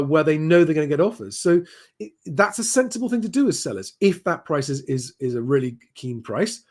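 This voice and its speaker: A man hosts a live stream and answers viewer questions one by one. His voice sits a little higher than most men's. He talks in a loose, easygoing way, often pausing on "um". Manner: relaxed, conversational, frequent "um" fillers.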